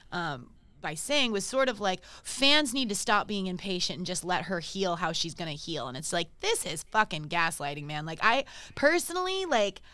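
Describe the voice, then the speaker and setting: Chatty woman podcast host, bright voice. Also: fairly low pitch, no echo. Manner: chatty, heavy use of "like", swears casually. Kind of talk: casual chat.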